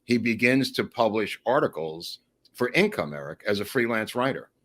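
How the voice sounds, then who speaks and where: Low-pitched guy on a podcast, rambling storyteller, keeps going off on tangents. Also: moderate pace. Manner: animated, rambling anecdotes addressed to the host. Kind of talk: casual storytelling.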